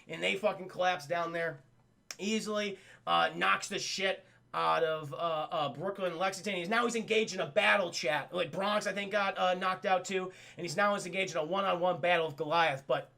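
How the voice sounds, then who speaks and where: A man recapping a cartoon episode for his stream chat, talking casually, excitably, and with a lot of swearing. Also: high-pitched, moderate pace, creaky.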